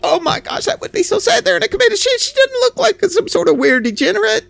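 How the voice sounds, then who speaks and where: Man putting on a mocking high voice, shrill, breathless, exaggerated sympathy. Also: sing-song, quick pace, vocal fry, a bit bright, dry recording, exaggerated voice. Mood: mock gushing. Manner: sarcastic, exaggerated. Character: mocking imitation of a gushing, tearful sympathizer.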